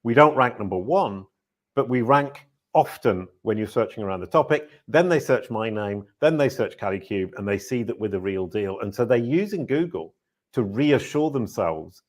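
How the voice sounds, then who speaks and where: A low-pitched man hosts a podcast conversation. He talks with energy and explains his points in long runs. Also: animated, normal speed. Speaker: podcast host. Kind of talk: conversational interview.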